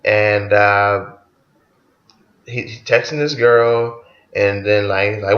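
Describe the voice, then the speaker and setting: A man's voice: fairly low pitch, fairly even intonation, slow pace, pauses often. A man giving a loose, profane, casual track-by-track review of an album, chuckling often as he talks. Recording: roomy, dull lo-fi recording.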